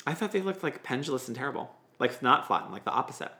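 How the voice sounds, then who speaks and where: A woman co-hosting a podcast, recapping a TV episode in a blunt, opinionated and excitable way. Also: rumbling low, fast. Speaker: podcast co-host. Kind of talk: casual recap chat. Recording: roomy echo.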